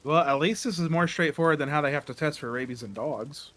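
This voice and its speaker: Deadpan man co-streamer. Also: fairly high pitch, a little fast. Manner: dry, deadpan jokes. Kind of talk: casual game commentary.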